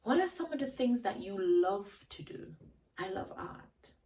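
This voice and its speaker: A woman's voice: mid-range voice, sing-song, measured pace, mellow, far from the mic, poor audio. A woman vlogger giving a reflective talk on self-knowledge, emphatic, asking rhetorical questions and repeating key phrases. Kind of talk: reflective solo talk to camera.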